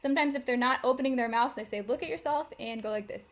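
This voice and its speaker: A choir director leading vocal warm-ups over a video call, coaching step by step with frequent cues to get ready. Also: female voice, on the high side, quick pace. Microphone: video call microphone. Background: piano she plays for the exercises.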